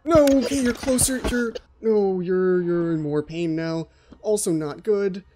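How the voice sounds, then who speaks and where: A man's voice: high-pitched, a little slow, warm tone, a little hiss or hum. A man giving horror game let's play commentary as the channel host, jumpy and anxious, often repeating his pleas.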